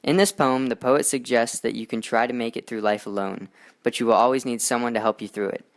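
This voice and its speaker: A teenage boy reading part of a school poetry report in a plain, even way. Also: medium pitch, fairly quick. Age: teens. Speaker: student presenter.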